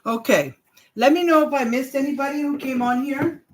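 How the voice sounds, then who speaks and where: A woman's voice: high-pitched, moderate pace. A woman in her forties chatting casually on a livestream, rambling in trailing asides and greeting viewers. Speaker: livestream host.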